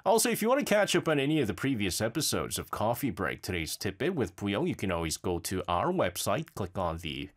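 A man's voice: on the low side, a little fast, few pauses. A man hosting a radio show, chatting casually and reading listener messages, with lots of fillers and stammers. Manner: lively, rambling, frequent fillers and stammers. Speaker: radio host. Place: radio studio.

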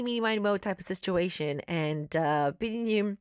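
A woman's voice: medium pitch, moderate pace, clean tone, no echo, studio quality. A woman hosting a radio show who chats enthusiastically with listeners and reads their stories. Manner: chatty, enthusiastic, warmly grateful. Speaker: radio host.

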